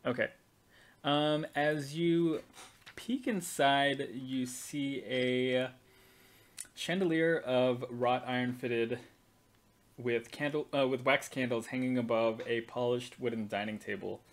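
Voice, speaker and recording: Casual game master, medium pitch, halting narration full of fillers. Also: steady tone.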